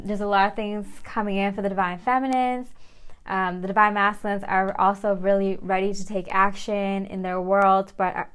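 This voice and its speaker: A woman's voice: mid-range voice, a bit bright, clear, resonant tone. A woman giving a casual tarot reading, chatty and filler-heavy, over faint background music. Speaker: tarot reader.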